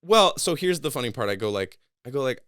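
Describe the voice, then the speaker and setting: A man's voice: medium pitch, fast, clear, resonant tone, no echo, studio quality. A man casually telling a long story on a podcast, acting out the people in it with raised voices. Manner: animated, acts out quoted people in a raised voice.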